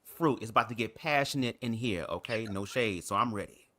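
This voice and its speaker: An easygoing man chatting as a guest over a video call. His voice sits fairly low and he talks in a relaxed, go-with-the-flow way. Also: a little fast. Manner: laid-back, easygoing. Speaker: guest, content creator. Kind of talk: casual panel chat.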